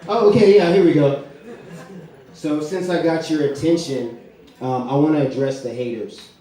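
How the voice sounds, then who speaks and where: A young man doing a rambling, profane stand-up set on stage, with lots of fillers and a deadpan delivery. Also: on the high side, normal speed. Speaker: stand-up comedian. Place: comedy club stage. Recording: echoey club from far off, crowd laughing. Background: audience laughter.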